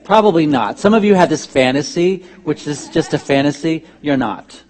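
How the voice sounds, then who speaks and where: A man's voice: a little high, normal speed, a little hiss or hum. A man preaching a conversational, humorous sermon as minister in a church. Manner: conversational, humorous, animated asides. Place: church sanctuary.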